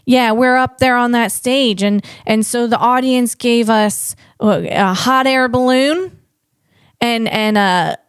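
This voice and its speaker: This comedian and podcast host speaks slowly in a high, clean voice, rambling through a solo chat, mocking herself and chuckling at her own humor. The recording is dry and studio-clean.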